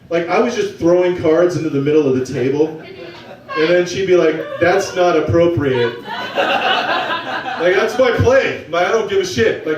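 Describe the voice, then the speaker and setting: A young man telling a profane, excitable, self-mocking story on stage to a live audience. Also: on the high side, a little hiss or hum. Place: small venue with a live audience. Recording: roomy, from a distance.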